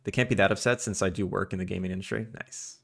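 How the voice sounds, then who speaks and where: A man with a Long Island accent rambles and chuckles as he streams a game. His voice sits very low with a rough, gravelly edge. He talks with his viewers in an easy, casual way. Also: fairly even intonation, quick pace, fairly bright tone. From Long Island, New York. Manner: chatty, rambling, chuckles while talking to chat. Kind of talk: casual chat while gaming.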